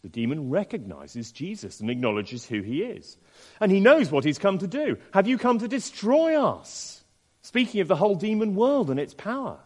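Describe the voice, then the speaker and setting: Male preacher, slightly high voice with a very animated delivery, long hall reverb. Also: a little fast, husky. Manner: expressive, with many rhetorical questions. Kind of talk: sermon.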